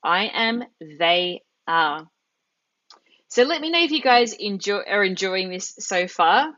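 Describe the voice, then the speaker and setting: A woman's voice: medium pitch, animated, slow pace, pushed and bright, dull audio. A woman teaching an online language class live, patiently explaining step by step with examples. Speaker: Italian teacher.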